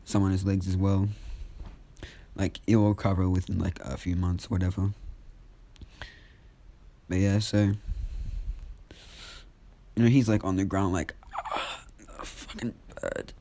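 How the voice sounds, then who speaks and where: Young male storyteller, low, dark, mellow voice, rambling casual delivery. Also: little pitch movement, measured pace, pauses often, slight background noise. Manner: rambling, full of fillers and restarts. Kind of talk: casual fan story retelling.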